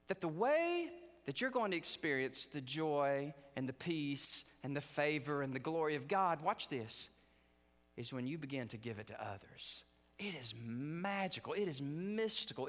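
A middle-aged male preacher delivers a chapel sermon with a fairly high, wildly swinging voice. He tells stories animatedly, tripping over restarts as he goes. The hall adds a long, ringing reverb. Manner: animated storytelling with stumbling restarts. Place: seminary chapel.

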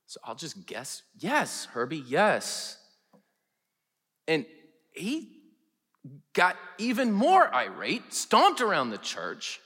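A male pastor preaching a sermon in a chapel, telling funny stories with lively, animated delivery. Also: on the high side, slow pace, long pauses, breathy edge, big-room sound. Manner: animated, humorous storytelling. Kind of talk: sermon with storytelling. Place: large chapel.

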